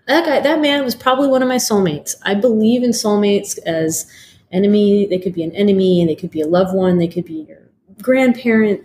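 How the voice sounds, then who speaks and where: A forties-aged woman from Detroit recounts her life story as an interview guest, candid and profane, her speech thick with fillers. She has a dark, medium-pitched voice, and there's a bit of hiss or hum in the recording.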